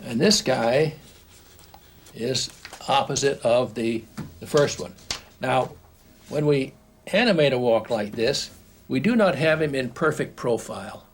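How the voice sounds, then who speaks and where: This is an animation instructor, an older man, recorded on old home video with faint background noise. He explains step by step while drawing and restarts frequently, his medium-pitched voice animated, his pace measured, with frequent pauses.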